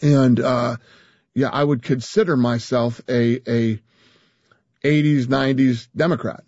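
A man's voice: medium pitch, steady tone, measured pace, a little mellow, no echo, dull audio. A man talking as an interview guest, emphatic, often restarting and repeating words. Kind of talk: casual interview talk.

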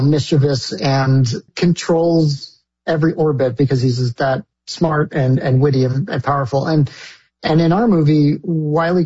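A film director answering interview questions in a casual, enthusiastic way. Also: male voice, on the high side, dark tone, slightly rough, dull audio.

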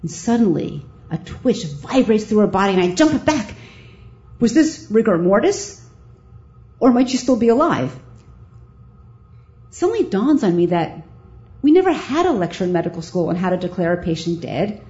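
A woman's voice: mid-range voice, normal speed, long pauses, lo-fi sound. Self-mocking woman telling a story. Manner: lively, self-mocking, animated. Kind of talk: live storytelling.

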